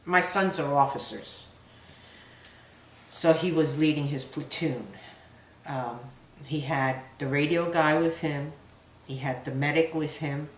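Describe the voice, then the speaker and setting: Low, slow-spoken middle-aged woman, halting. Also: a little hiss or hum. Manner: halting, searching for words, emotional. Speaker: mother of a wounded soldier. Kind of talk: personal testimony interview. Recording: roomy echo.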